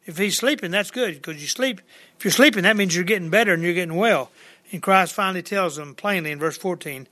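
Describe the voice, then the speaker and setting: A man's voice: high voice, a little fast, pushed and bright. A man preaching a plainspoken, conversational verse-by-verse sermon to a church congregation, retelling scripture in everyday words.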